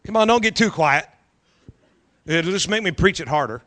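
A man's voice: sits high, lively intonation, normal speed, a bit bright. A man preaching a sermon as pastor to a congregation, fervent and urging, repeating phrases for emphasis.

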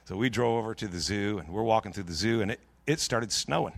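A middle-aged man preaching in a church, telling a long personal story in a jokey, lively way with many restarts. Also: lowish voice, fast talker, vocal fry, no echo. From Pacific Northwest of the US. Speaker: pastor. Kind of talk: storytelling sermon.

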